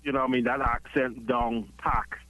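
A man's voice: mid-range voice, flat delivery, normal speed, bright, forceful tone, no echo. A man calling in to a radio show, chatty, often saying "you know what I mean". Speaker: caller. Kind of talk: phone-in call. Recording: muffled phone-in line.

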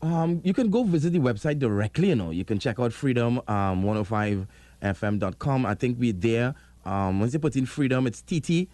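A man with a Trinidadian accent hosting a radio call-in show, playful and quick to laugh. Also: medium pitch, expressive, dark tone, no echo. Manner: laughs often, playful banter. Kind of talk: casual radio call-in chat.

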